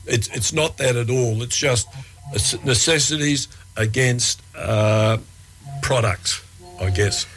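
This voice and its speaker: A man's voice: medium pitch, fairly bright tone, rough recording. A man with an Australian accent hosting a radio show from a studio, chatting casually and often restarting his sentences. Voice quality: halting, many fillers and restarts. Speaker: radio host.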